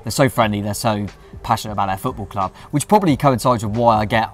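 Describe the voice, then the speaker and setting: Man, low voice, rapid talk, casual chat, enthusiastic co-host. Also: soft background music. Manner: rapid, restarts a lot, enthusiastic. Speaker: fan channel co-host.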